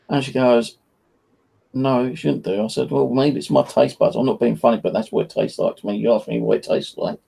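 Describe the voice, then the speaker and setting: A man's voice: medium pitch, a little fast, creaky, warm tone, husky. A man with an English accent telling a rambling anecdote in casual chat on a live stream, full of "you know" and "like". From England.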